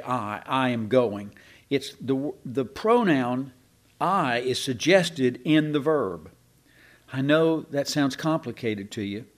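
A man gives an unhurried Bible lesson in a folksy, chatty manner. He muses aloud, asks his listeners questions and presses down on the words he wants to stress. His voice sits at an ordinary middle pitch. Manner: folksy, musing, leans hard on key words. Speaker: Bible teacher. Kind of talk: conversational Bible teaching.

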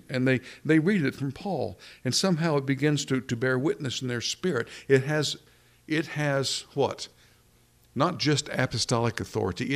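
Preacher, male, mid-pitched voice, earnest sermon delivery with repeated phrases for emphasis.

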